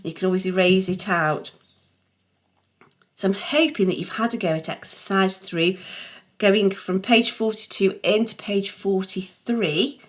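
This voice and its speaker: A woman's voice: mid-range voice, unhurried. Patient, encouraging middle-aged woman teacher. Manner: patient, encouraging, self-correcting. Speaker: music theory teacher. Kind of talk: online tutorial explanation.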